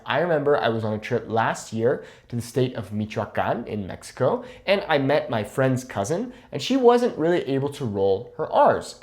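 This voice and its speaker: A young man teaching Spanish pronunciation in an online lesson, encouraging and patient, checking in with "okay?" after each point and modelling words slowly. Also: medium pitch, a little mellow.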